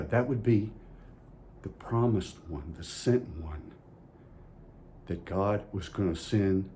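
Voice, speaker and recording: A man's voice: fairly low pitch, warm tone, slight background noise. A man giving a children's message at church in a folksy way, asking the kids playful questions. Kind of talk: children's sermon.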